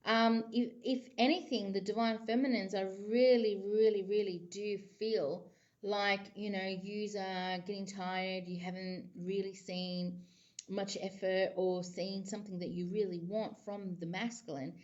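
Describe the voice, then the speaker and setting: A rambling, chatty woman gives a casual psychic tarot reading to camera, her speech full of filler phrases. Her pitch sits in a middling range. The audio is dull and muffled, like a lo-fi recording. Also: little pitch movement, measured pace, darkish tone.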